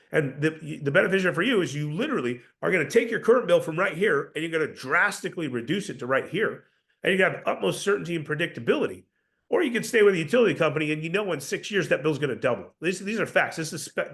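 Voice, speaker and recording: A man's voice: a little high, a bit bright. A man coaching door-to-door salespeople, emphatic and confident, often repeating words as he starts a sentence. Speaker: sales trainer.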